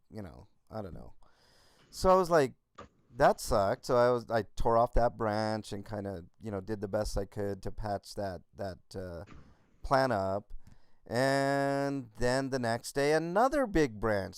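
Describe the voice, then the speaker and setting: Smooth-voiced man telling a profane story. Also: mid-range voice, no echo, clean studio sound. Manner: rambling storyteller, heavy swearing. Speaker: podcast co-host. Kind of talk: casual profane chat.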